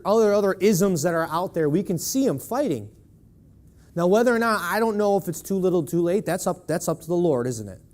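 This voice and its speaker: A man's voice: fairly high pitch, darkish tone. A man preaching a sermon in a church, emphatic and leaning on rhetorical questions to the congregation.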